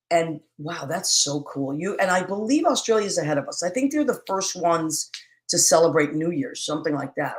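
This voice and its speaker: A woman hosting a live-streamed talk show, chatting casually, warmly greeting viewers by name with endearments and rambling with many fillers and restarts. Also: on the low side. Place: home, streaming live in New York.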